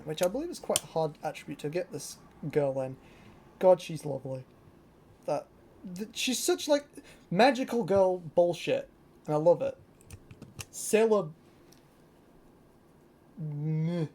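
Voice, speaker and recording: Young brit toy collector rambling excitedly on a vlog, soft mellow tone, lots of ums and likes. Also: medium pitch. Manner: excitable and rambling, with many fillers. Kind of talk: casual show-and-tell vlog.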